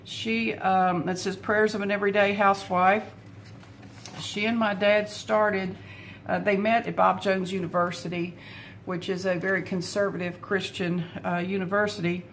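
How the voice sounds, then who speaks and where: Unhurried, heartfelt middle-aged woman vlogger. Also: mid-range voice, flat delivery, a little hiss or hum. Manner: unhurried and heartfelt, with many filler pauses. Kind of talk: casual personal vlog. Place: home, at her desk.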